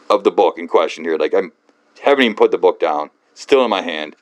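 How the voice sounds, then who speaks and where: A man hosting a book channel, ranting off-script in a halting, rambling way, swearing often and mocking himself. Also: low-pitched, lively intonation, no room sound.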